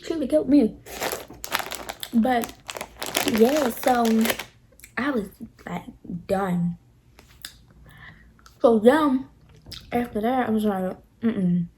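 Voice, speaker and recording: A young woman with a fairly high voice tells a storytime tale straight to her viewers. She is casual and animated, leaning into the drama of every twist. A soft hiss of faint noise sits under her voice at home. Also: takes it slowly, pauses often. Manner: animated, dramatic retelling, addresses viewers directly. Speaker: vlogger.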